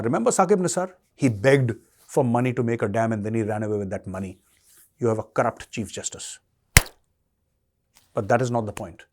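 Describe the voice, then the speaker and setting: A man's voice: medium pitch, a little fast, pauses often, a little mellow. A middle-aged man with an Indian English accent giving a combative political monologue, taunting and sarcastic, repeating rhetorical questions. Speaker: commentator.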